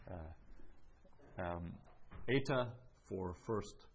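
A man's voice: lowish voice, breathy edge, lo-fi sound. A man teaching a language lesson, patiently repeating each phrase and explaining it step by step. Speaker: Greek teacher. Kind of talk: classroom lesson.

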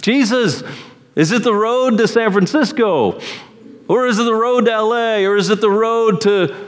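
A man's voice: high voice, normal speed, pitched above the performer's own voice, close to an everyday voice. A man putting on a confused, pleading disciple. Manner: puzzled, pleading questions. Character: confused bewildered male disciple, adult. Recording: long hall reverb.

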